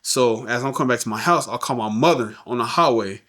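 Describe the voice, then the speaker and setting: A man's voice: medium pitch, a little fast, a bit bright. A middle-aged man, a podcast guest, telling an emotional story in slangy everyday talk, often saying "you know what I'm saying" and acting out the voices of people in it.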